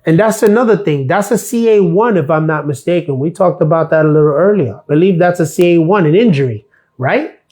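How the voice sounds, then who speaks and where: A man's voice: on the high side, lively intonation, a little fast, warm tone. A middle-aged man hosting a live stream, ranting bluntly and sarcastically about his workplace and swearing freely. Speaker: live stream host, former mail carrier.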